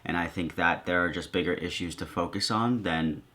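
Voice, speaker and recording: A man's voice: sits low, moderate pace, sharp tone. A man talking casually to his viewers in a commentary vlog, with a sarcastic, joking manner. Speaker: video creator.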